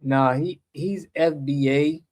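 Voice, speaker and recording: A man's voice: on the high side, fairly even intonation, slow pace, a little mellow. A man hosting a reaction channel, talking to viewers in a laid-back, conversational way. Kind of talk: casual commentary.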